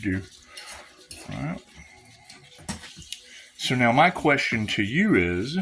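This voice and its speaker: A man's voice: medium pitch, bright, forceful tone. A man rambling to his viewers in a spiritual vlog, sarcastic, swearing and laughing often. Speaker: spiritual vlogger.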